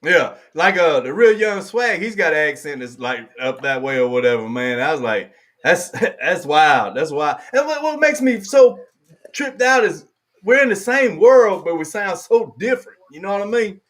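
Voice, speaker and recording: A relaxed man with a Southern US accent talks loosely on a live stream, a little high in pitch for a man. He laughs easily and circles back over his own phrases as he hosts the chat. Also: normal speed. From American South. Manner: laid-back, chatty, laughs often, repeats phrases. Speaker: host.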